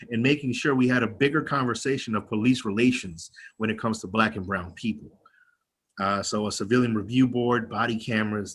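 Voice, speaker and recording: A man's voice: medium pitch, fairly bright tone, slightly rough. A young man with a twang in his voice, a county legislator giving a candid, rousing speech over a video call and swearing freely. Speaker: county legislator speaking to an activist group. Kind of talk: personal speech at an online meeting.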